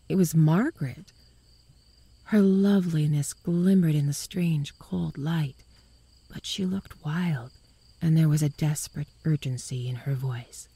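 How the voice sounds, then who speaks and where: Low breathy woman narrating slowly. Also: no echo. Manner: hushed, often whispering delivery. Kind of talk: scripted narration of a ghost story.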